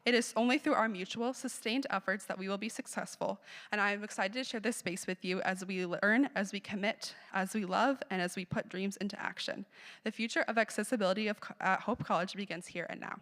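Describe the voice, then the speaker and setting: An earnest woman delivers a prepared speech in a middle-pitched voice. Her phrasing is rhetorical and repetitive, and a long reverb trails her words through the lecture hall. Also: brisk, fairly bright tone. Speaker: student speaker introducing the lecture.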